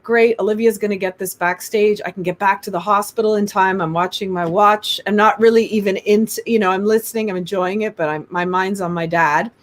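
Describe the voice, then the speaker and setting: A woman guest on an interview show, telling a personal story in casual chat and acting out the voices of the people in it. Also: medium pitch. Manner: animated, acts out quoted voices.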